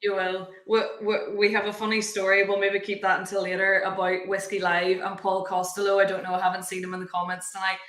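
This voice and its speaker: A woman's voice: medium pitch, monotone, fairly quick, few pauses, a bit bright. A woman from the north coast of Ireland, co-hosting a livestream from her kitchen, bubbly and teasing, laughing often. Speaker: livestream co-host. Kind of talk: casual livestream chat. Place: room at home, her kitchen. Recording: echoey home room.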